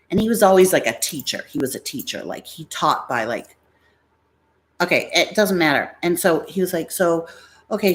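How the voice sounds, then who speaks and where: A middle-aged American woman hosting a livestream, telling rambling family stories in a casual, chatty way and slipping into voices of her relatives. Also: fairly low pitch. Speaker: livestream host selling bags.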